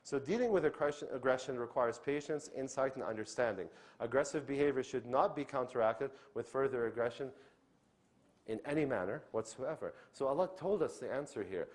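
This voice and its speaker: Fast-talking male lecturer. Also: medium pitch. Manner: checks in with the audience with frequent "okay?"; animated, acts out quoted speech. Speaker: Islamic lecturer. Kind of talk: lecture on inviting others to Islam.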